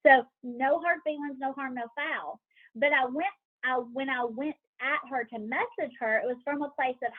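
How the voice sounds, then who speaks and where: A woman leading a motivational team call, talking lively, acting out worried inner voices and asking her group questions over a call line. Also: high voice, normal speed. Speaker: team leader coaching a sales team. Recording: tinny phone-like call audio.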